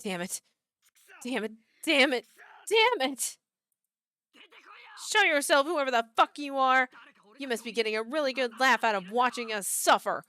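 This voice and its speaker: A woman putting on a troubled teenage schoolboy from a horror game, speaking in a lowered, hushed tone. The voice is bright and tight underneath, and the sound is dry and close with no room around it. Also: lively intonation, normal speed, pauses often, no echo. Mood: furious. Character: troubled teenage schoolboy, guilt-ridden and angry. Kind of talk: reading game dialogue aloud.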